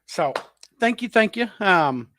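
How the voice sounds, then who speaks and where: A man's voice: high-pitched, very animated, slow pace, bright, forceful tone. A man hosting a casual interview, laughing a lot and chiming in briefly. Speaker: podcast host.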